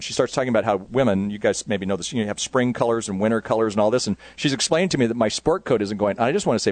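A middle-aged man tells church anecdotes in a loose, conversational way, correcting himself and tossing in quick asides as he goes. His voice sits in an ordinary middle register. The recording is close and dry, with no room sound. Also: mid-range voice, lively intonation, no room sound. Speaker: youth ministry speaker. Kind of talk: conference talk with anecdotes.

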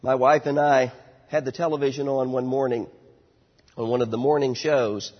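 A man in his thirties preaching a sermon, emphatic and slowing down on key words, dropping to a quieter storytelling tone for anecdotes. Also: mid-range voice, fairly even intonation. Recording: dull lo-fi sound with long hall reverb.

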